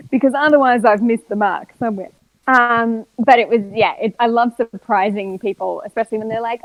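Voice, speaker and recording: A woman's voice: on the high side, normal speed, dry recording, narrow, tinny audio. An Australian woman, a voice actor, chatting as a guest and telling anecdotes, acting out other people's lines with laughter. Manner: lively storyteller, acts out quotes, laughs often. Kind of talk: casual live-stream interview.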